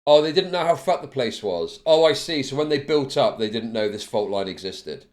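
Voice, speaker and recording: A man's voice: mid-range voice, animated, normal speed, a little mellow. A man giving blunt, profane live-stream commentary on news clips, laughing often.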